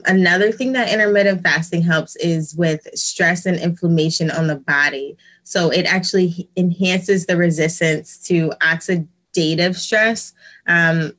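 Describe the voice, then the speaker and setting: A woman's voice: fairly low pitch, fairly bright tone. A woman who is a guest personal trainer, explaining a health tip with frequent ums over a video call.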